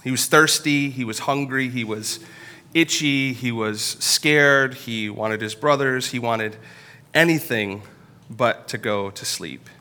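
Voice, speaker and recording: A man in his thirties preaches a sermon from a church pulpit, his voice bright and forward. He tells personal stories in an earnest, confessional way, slowing and pausing as he goes. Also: mid-range voice, smooth. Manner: earnest, confessional storytelling with pauses. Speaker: pastor.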